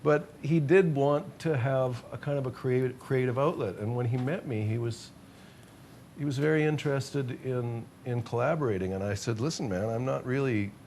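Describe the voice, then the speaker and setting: A man's voice: medium pitch, moderate pace, a little mellow, a little hiss or hum. Rambling, self-deprecating male musician guest. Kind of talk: casual interview chat.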